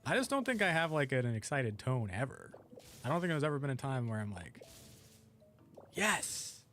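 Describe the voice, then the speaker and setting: A young adult man streaming a video game, chatting casually with viewers and thinking aloud in a relaxed, rambling way. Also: mid-range voice, quick pace, faint music behind. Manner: laid-back, rambling, thinks aloud while playing. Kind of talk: casual gameplay chat with viewers.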